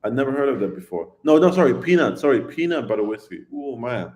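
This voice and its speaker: A man's voice: medium pitch, very animated, fast, darkish tone, highs cut off. A man chatting casually on a live stream, rambling and oversharing as he answers his viewers' questions and laughs often.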